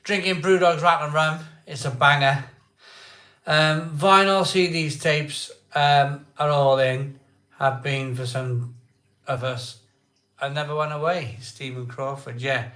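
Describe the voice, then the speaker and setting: A man's voice: a little high, steady tone, takes it slowly, sharp tone, reverberant. A man, hosting a casual live stream, joking and laughing as he reads out viewer comments from home. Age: 40s. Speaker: host of a live beer-tasting stream. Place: at home, indoors.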